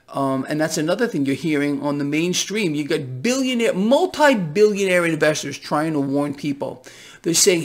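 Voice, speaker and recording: A man's voice: high voice, a bit bright. A man hosting his own finance channel, ranting in a fervent, blunt, repetitive and profane way. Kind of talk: impassioned casual vlog rant.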